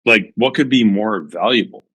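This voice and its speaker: A man's voice: on the low side, normal speed, a bit bright, husky, dry recording. A man co-hosting a casual tech podcast, building an argument with many restarts. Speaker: podcast co-host.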